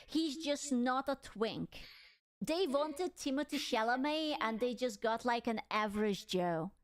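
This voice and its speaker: A woman's voice: fairly high pitch, lively intonation, a little slow. A woman reacting to a video in casual chat, blunt and teasing with slang.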